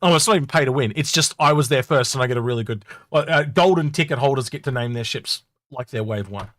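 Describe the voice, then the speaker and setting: Guy co-hosting a gaming chat, animated, laughs a lot, dry close mic. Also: medium pitch, fast, no room sound. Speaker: co-host. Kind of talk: casual chat.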